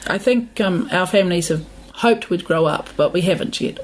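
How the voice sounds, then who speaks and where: A middle-aged woman farmer with a New Zealand accent, chatting as a guest with dry, teasing humor, her voice a little squeaky and uneven from hay fever. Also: normal speed, slight background noise, poor audio. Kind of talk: casual interview chat.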